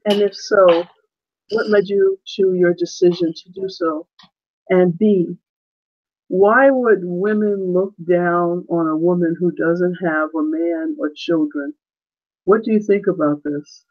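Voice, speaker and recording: A woman's voice: lowish voice, takes it slowly, muffled recording. A woman in a casual discussion over a video call, reflective and given to laughing stories.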